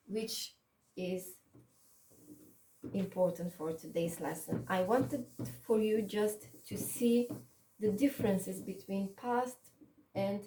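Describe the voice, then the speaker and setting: Slow, patient woman teaching grammar. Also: mid-range voice, warm tone. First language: Macedonian. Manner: slow, patient, repeats "okay?" to check understanding; non-native English with small grammar slips. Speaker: English teacher. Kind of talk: online grammar lesson. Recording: echoey room, mic at a distance.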